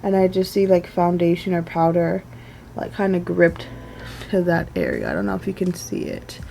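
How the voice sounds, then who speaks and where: A woman's voice: on the low side, big pitch swings, moderate pace, vocal fry, warm tone, slight background noise. A woman in her twenties chatting casually through a makeup wear test as a beauty vlogger, rambling with lots of "like"s and little laughs. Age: 20s.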